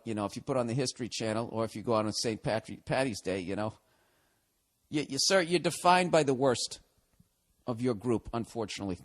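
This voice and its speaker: A man in his forties from the United States talks through a solo podcast episode. He reads a listener's email aloud and answers it with a profane, sarcastic rant. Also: lowish voice. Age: 40s. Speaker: podcast host. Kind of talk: casual podcast monologue reading a listener email.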